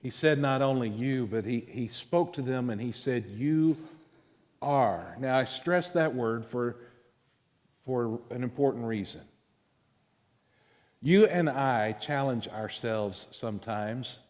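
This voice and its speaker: A male pastor with a drawl preaches in a deliberate, unhurried way, leaning hard on single words. His mid-pitched voice rings out through a big church hall with a long echo trailing after each phrase. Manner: slow, emphatic preaching with stressed words and pauses. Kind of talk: sermon. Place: church sanctuary. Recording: long reverb of a large hall.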